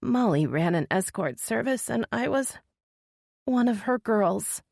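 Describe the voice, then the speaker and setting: A woman's voice: mid-range voice, very animated, moderate pace, dry recording, clean studio sound, voice pushed up. A woman voicing a scared young woman in an audiobook, speaking in a shaky, tearful, guarded way.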